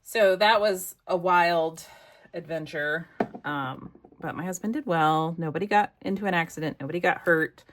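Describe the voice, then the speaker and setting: A woman's voice: on the low side, moderate pace, background noise. A middle-aged American woman telling a rambling story while crafting, with chatty asides to herself. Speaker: crafting vlogger.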